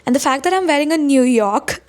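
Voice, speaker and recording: Young woman vlogger, slightly high, gushing, excitable and chatty to camera. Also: fairly quick. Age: 20s. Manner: gushing, excitable, repeats herself. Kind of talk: casual vlog chat to camera.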